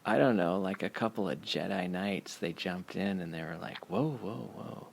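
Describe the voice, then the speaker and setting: A man telling a casual, profane story, laughing as he goes in an animated way. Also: deep voice, moderate pace, creaky.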